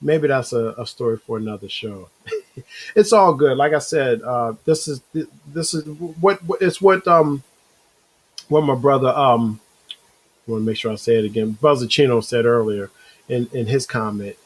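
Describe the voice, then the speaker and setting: A man hosting a casual motivational talk show, rambling and animated, acting out inner voices, with a slight cough. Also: mid-range voice, normal speed, poor audio. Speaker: show host.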